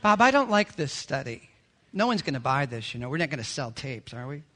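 A man, the pastor, voicing a doubtful male church member who complains in a lower, quieter voice. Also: very animated, fairly quick. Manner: skeptical, complaining.

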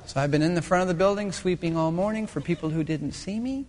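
A middle-aged male pastor preaching a sermon with animated storytelling, acting out voices and quotes. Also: sits high, quick pace, long reverb tail, a little hiss or hum.

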